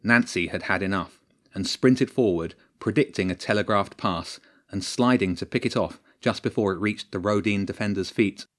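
Man, low voice, audiobook narrator, steady measured reading.

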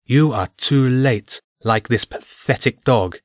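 A man's voice: mid-range voice, unhurried, no room sound, clean studio sound, lightly acted. A man putting on a scornful villainous ringmaster woman. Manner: haughty, spitting contempt, loud.

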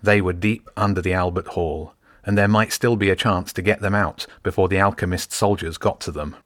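A man narrating his own children's novel as an audiobook, in a measured, gentle storytelling manner. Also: low voice, steady tone, dry recording, clean studio sound. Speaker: author and narrator.

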